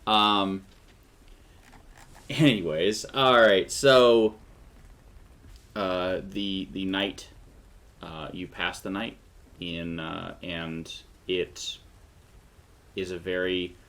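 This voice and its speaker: A man's voice: deep voice, fairly even intonation, extremely slow, pauses often, fairly bright tone, slight background noise. A man running a streamed tabletop game as game master, narrating loosely with fillers and frequent laughs.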